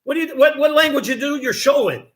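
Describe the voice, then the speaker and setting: A man's voice: very high-pitched, fast, fairly bright tone. A man hosting a casual talk show, friendly, laughing often and asking his guests questions. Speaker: podcast host. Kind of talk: casual chat.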